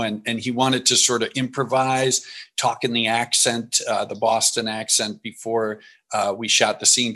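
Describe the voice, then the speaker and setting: A man, an actor guest in an interview, telling anecdotes with laughs and acted-out quotes. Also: mid-range voice. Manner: animated, laughing, acts out quotes.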